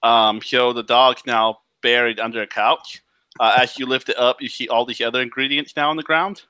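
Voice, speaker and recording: A man's voice: mid-range voice, fairly even intonation, moderate pace, pushed and bright, smooth, dry recording. A man running a tabletop game as game master, narrating casually with many fillers and laughs.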